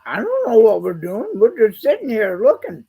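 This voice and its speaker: A man's voice: sits high, wildly swooping pitch, normal speed, creaky, dark tone, breathy edge, rough recording. A man co-hosting a live stream, chatting in a folksy, rambling way and restarting his sentences. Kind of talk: casual live-stream chat.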